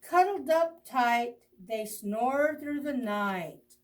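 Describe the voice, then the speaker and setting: A woman reads a picture book aloud to young children, drawing out each line at a very slow, deliberate pace. Her voice sits fairly high, and she breaks off for gasps and little questions to her listeners. She is a little far from the microphone. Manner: slow, expressive storytelling with gasps and asides to children. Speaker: children's librarian. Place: library storytime video.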